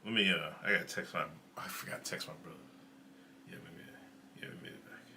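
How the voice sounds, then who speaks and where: Host type, male, bright voice, animated casual storyteller who eats on air. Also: low voice, fairly quick, a little hiss or hum. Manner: snacking and chewing while talking. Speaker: show host. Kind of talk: casual livestream chat.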